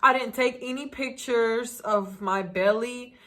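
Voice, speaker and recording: A woman's voice: on the high side, a little slow, sharp tone. A young woman from the United States telling a personal story in a casual storytime vlog. She is emotional and talks straight to her viewers. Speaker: vlogger.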